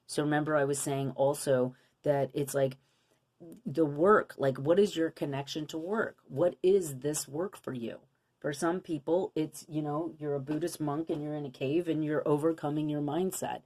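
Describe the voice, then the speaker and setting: A young woman with a low-pitched voice talks viewers through a spiritual card reading. She sounds earnest and coaching, and keeps asking rhetorical questions. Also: steady tone, normal speed, a little mellow. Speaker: intuitive card reader.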